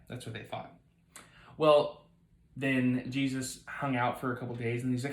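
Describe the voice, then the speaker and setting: A man with a middle-pitched voice tells a small child a Bible story in a casual, playful way. He keeps things warm and encouraging, like a parent at bedtime. The bedroom has noticeable echo. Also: flat delivery, fairly quick. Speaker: parent hosting a home video with his child. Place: child's bed at home.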